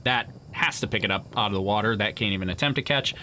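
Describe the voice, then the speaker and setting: A man's voice: fairly low pitch, fast talker, pushed and bright, a little hiss or hum. A man hosting a live launch stream, chatting casually and answering viewer questions, rambling with frequent restarts and laughs. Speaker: livestream host. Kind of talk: casual live commentary reading chat.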